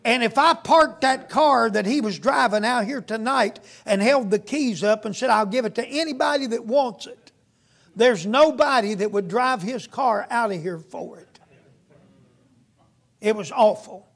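Gravelly high-voiced man preaching. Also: measured pace, a bit bright. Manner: folksy storytelling preaching. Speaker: guest preacher. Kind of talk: sermon.

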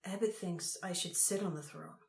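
An earnest young man, voiced by a woman reader. He asks things plainly and sincerely in a lowish voice. The room gives a noticeable echo. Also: moderate pace, gravelly. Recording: roomy echo.

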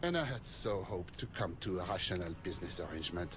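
A man's voice: sits low, animated, quick pace. A man voicing a suave middle-aged crime syndicate chairman who speaks with formal, menacing politeness. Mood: smooth menace. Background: game music.

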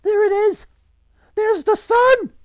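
A man voicing an excited little girl, shouting shrilly at a very high pitch. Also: takes it slowly, no echo. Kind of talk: storybook reading.

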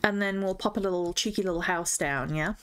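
With a lowish, clear and resonant voice, a young woman streamer talks briskly while gaming. She raves about her finds and keeps up a running chat with herself and the game's animals.

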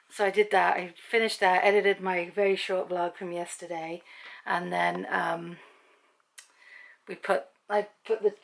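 A woman's voice: fairly low pitch, creaky. A middle-aged British woman vlogging from home, chatting and rambling through a long story with frequent ums. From Britain. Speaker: family vlogger. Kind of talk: casual chatty vlog. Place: at home in the evening.

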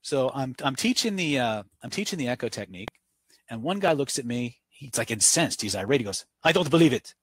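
Husky-voiced man teaching a webinar. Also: medium pitch, very animated, a little fast, a bit bright, no echo. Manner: conversational, tells anecdotes to make a point; answers viewer questions off the cuff. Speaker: webinar instructor.

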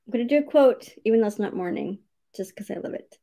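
A woman's voice: mid-range voice, expressive, fast talker, gravelly, warm tone. A woman hosting a casual livestream writing sprint, cheerfully greeting viewers by name, reading their comments aloud and laughing often.

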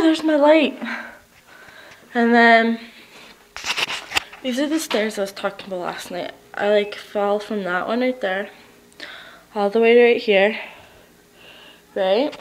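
A young woman giving a casual, giggly tour of her old basement, swearing freely and getting animated as she tells stories. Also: fairly high pitch, a little hiss or hum. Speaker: vlogger giving a house tour. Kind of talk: casual rambling vlog tour. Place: empty basement of an old house, indoors.

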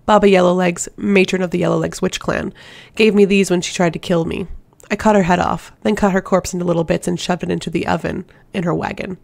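Storybook heroine: fierce, drawling young woman assassin, voiced by an audiobook narrator; gravelly edge. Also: medium pitch, flat delivery, a little fast, natural voice. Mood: wry. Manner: drawling, sardonic.

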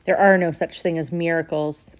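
A woman reading a storybook aloud, voicing a gruff, grumbling old male woodcarver who is curt and dismissive. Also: fairly low pitch, steady tone, normal speed, natural voice.

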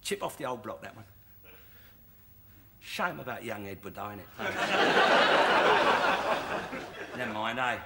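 An actor playing a boastful, bigoted old working-class Londoner with a Cockney accent, ranting loudly in a sitcom monologue. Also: male voice, on the low side, animated, normal speed. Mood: drowsy tipsy. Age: older. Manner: loud, bragging, ranting. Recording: sitcom recording with loud background noise and audience laughter.

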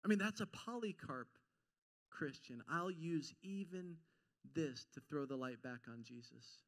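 A male pastor giving an informal, animated sermon to a congregation, acting out quotes and joking at his own expense. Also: fairly high pitch, unhurried. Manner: animated and informal, acts out quotes, self-deprecating jokes. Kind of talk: conversational sermon. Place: church sanctuary before a congregation.

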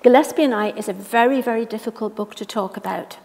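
A woman's voice: a little high, gravelly, darkish tone. Articulate woman interviewing in a hall. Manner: articulate, measured questions. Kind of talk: onstage author interview. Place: library event hall. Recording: long reverb from a hall.

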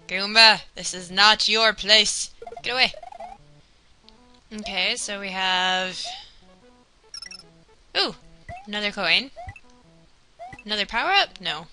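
Bright-voiced young woman narrating gameplay. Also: medium pitch, rough recording. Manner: chatty, excitable, talks to herself and the game. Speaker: let's player. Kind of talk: casual gameplay commentary. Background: game music.

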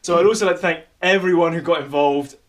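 Chatty man with a bright, higher voice. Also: fast talker. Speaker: video maker thanking contributors. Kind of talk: casual spoken message.

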